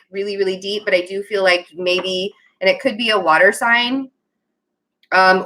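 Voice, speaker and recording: A woman with a bright, forward voice gives a casual tarot reading to her viewers. She rambles, trails off mid-thought and laughs nervously, then apologizes again and again. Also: mid-range voice. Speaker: tarot reader.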